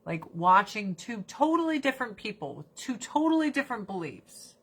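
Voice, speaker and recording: Animated woman chatting on a livestream. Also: medium pitch, breathy edge. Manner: animated, breaks into mocking put-on voices; swears casually, talks fast then drags words out. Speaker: livestream host. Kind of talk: casual livestream chat.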